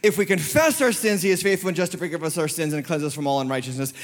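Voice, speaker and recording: A man's voice: a little high, rapid-fire. A man preaching a sermon as lead pastor, leading the congregation in call-and-response and shifting his pace for emphasis. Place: church sanctuary. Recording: long church hall reverb.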